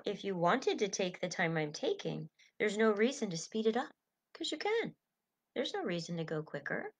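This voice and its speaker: A middle-aged woman leading a self-help group, speaking in a soothing, encouraging way and slowing down for breathing cues. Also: mid-range voice. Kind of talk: gentle guided coaching talk.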